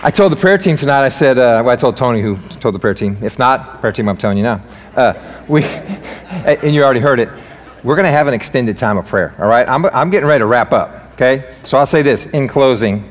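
A man preaching a sermon as pastor in a church, energetic, joking and fired up. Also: medium pitch, fairly quick, in a large hall, some chatter behind. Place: church sanctuary.

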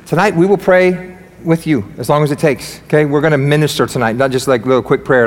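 A man preaching a sermon as pastor in a church, energetic, joking and fired up. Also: fairly high pitch, a little fast, in a large hall. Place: church sanctuary.

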